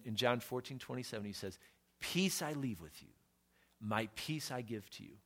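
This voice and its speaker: A middle-aged man preaching a sermon as pastor, conversational and earnest, slowing on key phrases and rising to emphatic peaks. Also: medium pitch, a bit bright.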